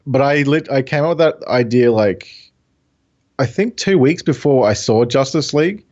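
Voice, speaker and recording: A man's voice: mid-range voice, expressive, moderate pace, darkish tone. A man explains his video ideas in a casual, easygoing chat, leaning on fillers as he thinks aloud. His voice sits in a mid range and comes through dull, lo-fi call audio. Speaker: guest, video creator.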